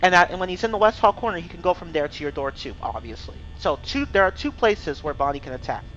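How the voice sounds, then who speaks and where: A man's voice: a little high, big pitch swings, fast, a bit bright. A young man casually explaining a video game's mechanics as he plays, cursing when things go wrong. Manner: cursing, exasperated outbursts. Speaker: gameplay streamer. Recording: dull lo-fi mic with faint hiss.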